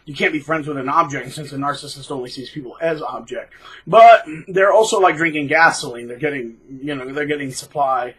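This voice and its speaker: A man hosting his own channel, talking bluntly and casually, mocking people by acting out quotes in shrill put-on voices. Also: a little fast, fairly bright tone, breathy edge, low-quality recording. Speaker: channel host. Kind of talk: casual monologue.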